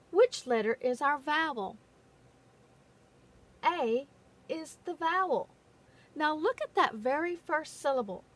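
A woman giving a phonics lesson in a patient, deliberate way, stressing the key words. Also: sits high. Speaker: phonics teacher. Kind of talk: slow, careful classroom instruction.

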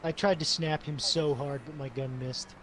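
A man's voice: on the high side, steady tone, normal speed, noisy background. A man playing a tank game with friends, chatting playfully and teasing. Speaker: gaming friend. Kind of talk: casual gaming chat.

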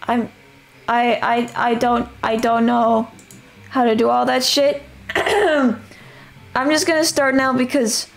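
Young woman gamer, hoarse, gravelly fry, rambling self-narration. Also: fairly high pitch. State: voice going hoarse. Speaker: streamer playing a survival game. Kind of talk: casual live-stream chatter.

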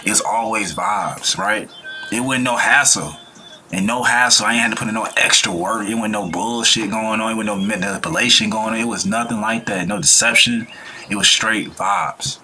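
Slangy and laid-back, the reaction-video host preaches about life and good vibes, switching voices to act out the people he quotes. His delivery is expressive and forceful, his fairly low voice bright, his pace normal, with slight background noise.

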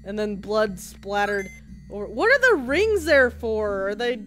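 A woman's voice: mid-range voice, big pitch swings, unhurried, fairly bright tone, faint music behind. A woman commenting as she plays a horror game, joking along and shrieking at the scares. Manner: jumpy, shrieks at scares, jokey banter. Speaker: video game player.

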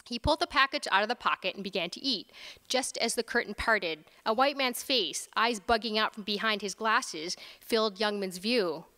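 A woman author reading her own fiction aloud at a conference, expressive and switching into character voices. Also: mid-range voice, moderate pace. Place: large lecture hall. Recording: reverberant lecture hall.

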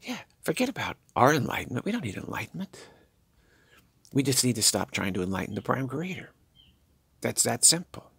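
An older man giving a spiritual talk, halting and musing, repeating himself as he searches for words. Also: medium pitch, very animated, gravelly, fairly bright tone, slightly rough, no echo. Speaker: spiritual teacher. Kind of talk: spiritual monologue.

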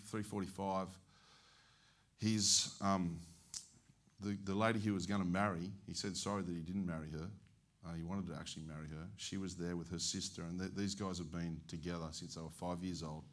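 A man preaching with an Australian accent, telling a story in a sermon and acting out its dialogue. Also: deep voice. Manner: animated, acts out the dialogue of his story. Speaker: evangelist preacher. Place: church service.

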